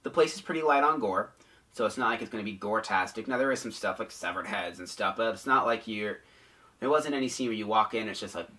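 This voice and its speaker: Fast-talking man, bright voice, distant mic. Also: lowish voice, animated. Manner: rambling, many ums and restarts. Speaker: haunted house reviewer. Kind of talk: casual review chat.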